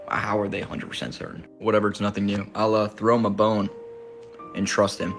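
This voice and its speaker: Very deep male voice, dry sarcastic clip commentary, music behind. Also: flat delivery, brisk. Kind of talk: casual video commentary.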